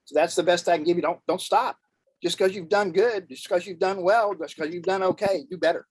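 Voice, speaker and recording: A man's voice: high voice, a little fast, slightly rough, low-quality recording. A man on a video call, telling a personal story in an earnest, folksy way as a guest speaker.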